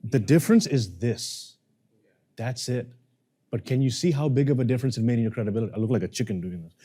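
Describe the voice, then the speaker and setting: Man, workshop coach, playful and animated, addressing a room full of people. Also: mid-range voice, fast, slightly rough. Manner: animated, playful, jokes with audience. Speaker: communication coach. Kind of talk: live workshop teaching. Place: seminar room with audience.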